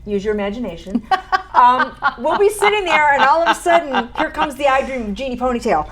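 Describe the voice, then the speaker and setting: A woman co-hosting a comedy chat show, telling stories in a playful, animated way. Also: sits high, brisk. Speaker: podcast co-host.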